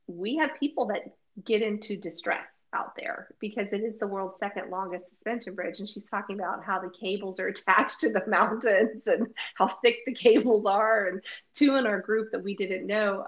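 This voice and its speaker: A woman's voice: medium pitch, moderate pace. A woman co-hosting a casual chat, telling a travel story with lots of laughter and acted-out quotes. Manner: animated, laughing often, acts out quotes. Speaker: podcast co-host. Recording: dull lo-fi audio.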